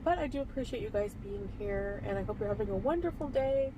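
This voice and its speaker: A woman's voice: mid-range voice, animated, quick pace, highs cut off, background noise. Rambling woman vlogging in a car. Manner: rambling, with many fillers and little laughs. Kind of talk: casual vlog chat. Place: in a parked car.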